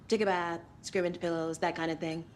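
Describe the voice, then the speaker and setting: A woman's voice: lowish voice, flat delivery, fast talker, a little hiss or hum, natural voice. A woman voicing a wry, pushy female true-crime writer in a video game, sarcastic and defensive.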